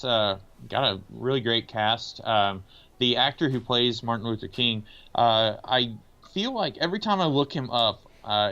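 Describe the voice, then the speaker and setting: A man's voice: mid-range voice, a bit bright. A podcast co-host from the American South talks through a film in a casual, meandering way. He hesitates often and leans on filler words. The recording sounds a little dull and lo-fi. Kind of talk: casual movie discussion.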